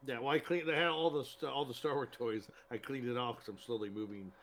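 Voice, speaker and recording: A man's voice: medium pitch, fairly even intonation, quick pace, a bit bright. A man co-hosting a casual podcast who jokes and swears freely. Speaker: podcast co-host. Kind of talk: casual chat.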